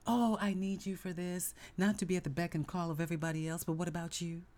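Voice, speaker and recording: A middle-aged podcast host talks fast in a fairly low, warm voice that keeps a steady tone. Her motivational self-help show is emphatic and full of repetition, punctuated by sudden whispered asides.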